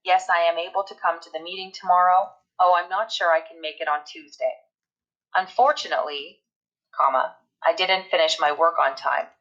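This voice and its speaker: Low-voiced woman teaching a grammar lesson. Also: steady tone, a bit bright, dull audio. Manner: explains step by step, reads examples aloud slowly. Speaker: English teacher.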